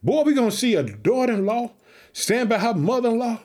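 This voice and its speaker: A man preaching an energetic podcast sermon, fervent and repetitive, calling his listeners family and shouting hallelujah. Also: very high-pitched, quick pace. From Chicago, United States. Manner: repeats catchphrases, calls listeners family.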